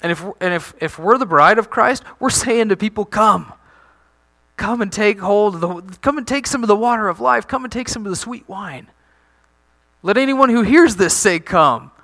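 A man preaching a sermon as a pastor, animated, asking the congregation rhetorical questions and often restarting his sentences. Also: high-pitched, normal speed.

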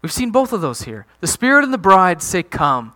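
A man preaching a sermon as a pastor, animated, asking the congregation rhetorical questions and often restarting his sentences. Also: high voice, moderate pace.

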